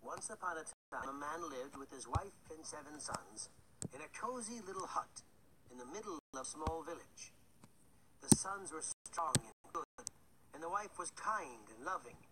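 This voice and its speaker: Wry, animated male storybook narrator. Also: a little high. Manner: wry and conspiratorial, speaks to the listener. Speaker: audiobook narrator. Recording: loud background noise with clicks.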